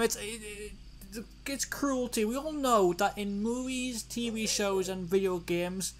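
A man's voice: high-pitched, unhurried. A man giving joking, exclamatory commentary while playing a video game. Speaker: let's play gamer. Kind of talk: casual gameplay commentary.

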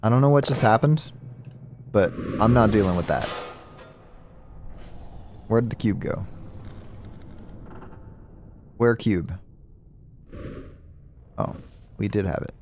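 A man streaming a puzzle game live, talking through it in an excitable, joking way and thinking aloud. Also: fairly low pitch, measured pace, pauses often, a little hiss or hum. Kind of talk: live gameplay commentary.

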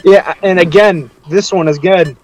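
A man's voice: sits high, fairly even intonation, a little slow, a little mellow, faint music behind, low-quality recording. A man joining a let's play over voice chat, tossing in jokey, crude comments as casual banter. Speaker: co-player watching a let's play.

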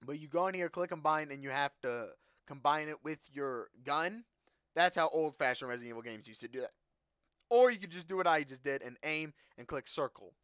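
A man giving casual, joking commentary while playing a video game. He talks back to the characters on screen, breaks into loud outbursts, and mutters the on-screen text in a low voice. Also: animated, brisk, clear, resonant tone, no echo, clean studio sound. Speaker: let's play gamer.

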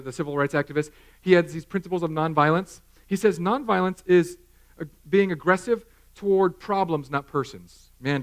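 Pastor guy preaching, fairly high voice, jokey and animated, acts stuff out. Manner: animated, self-mocking, acts out scenes. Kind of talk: sermon. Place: church hall.

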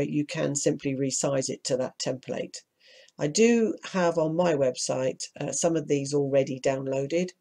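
A speaker, croaky from hay fever, walking through a self-publishing process step by step in a screen-recorded tutorial. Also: mid-range voice, a little mellow. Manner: practical, explains step by step, mild asides of annoyance.

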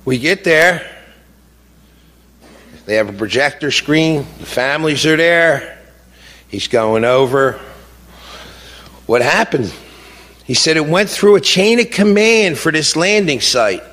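A man's voice: a little high, lively intonation, slow pace, long pauses, a bit bright. A middle-aged man speaking as a grieving father in an impassioned public speech, indignant and repetitive, his voice rising with anger. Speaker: grieving father of a fallen soldier. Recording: long reverb of a large hall.

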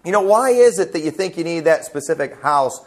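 A man's voice: fairly high pitch, lively intonation, fairly quick. A man pastor preaching a sermon in church, emphatic and conversational, full of rhetorical questions.

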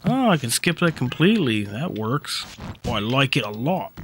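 A man's voice: mid-range voice, big pitch swings, moderate pace, noisy background. A man streaming a video game live, commenting casually with frequent swearing and frustrated grumbling.

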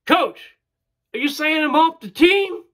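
A man doing a whiny, high young pitcher. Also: expressive, slow pace, sharp tone, exaggerated voice. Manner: whining.

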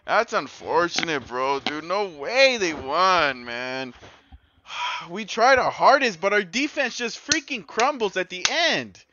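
Excitable young-sounding man yelling at a game. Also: sits high, slow, dull audio, slight background noise. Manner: excitable, swearing, yells at his players. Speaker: gaming YouTuber. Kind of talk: live gameplay commentary.

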